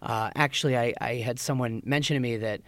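A man co-hosting a podcast in casual chat, telling stories with animated delivery and mimicking crowd shouts. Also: mid-range voice, a little fast, dry recording. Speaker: podcast co-host.

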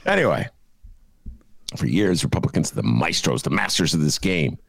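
Animated man hosting a talk show. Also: very deep voice, normal speed, vocal fry, husky, no echo. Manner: jokey, rambling, animated. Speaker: podcast host. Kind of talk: casual political chat.

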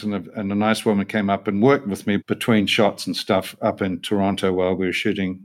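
A man's voice: on the low side, little pitch movement, brisk, few pauses. An older male actor telling rambling, self-deprecating stories as an interview guest, laughing often. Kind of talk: casual interview anecdote.

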